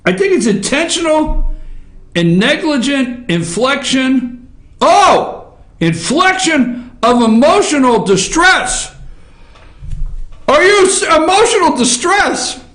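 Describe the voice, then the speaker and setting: Man, opinion show host, very high voice, loud excitable rant, echoey room. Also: slow. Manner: loud, laughing, animated ranting. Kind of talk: excitable political commentary.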